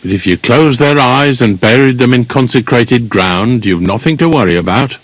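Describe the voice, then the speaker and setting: An actor playing a blunt, grumbling village gravedigger in a video game, speaking. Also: male voice, mid-range voice, lively intonation, normal speed, dry recording, close to an everyday voice. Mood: gruff.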